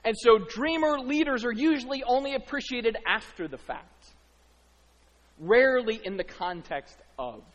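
A man preaching a sermon in a lively, conversational way, acting out the lines of the people he describes. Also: very high-pitched, a little slow, big-room sound, muffled recording. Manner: animated, conversational, acts out quotes. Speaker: pastor.

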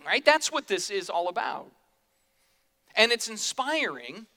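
A man's voice: high voice, animated, moderate pace, pushed and bright. A man preaching a sermon in a casual, joking way, slipping into quoted voices, in a church hall. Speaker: pastor. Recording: long hall reverb.

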